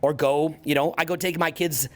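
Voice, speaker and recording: In a motivational talk to an audience, a social skills coach in his forties speaks at a normal speed with a fairly high, fairly even voice. He's fired up and swears a lot, intense and emphatic, driving his points home by repeating them.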